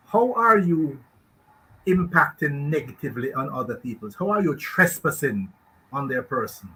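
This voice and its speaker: A man's voice: a little high, lively intonation, normal speed, pushed and bright, husky, poor audio. A man with a Jamaican accent, a guest expert on a radio talk show, talking emphatically in rambling rhetorical questions.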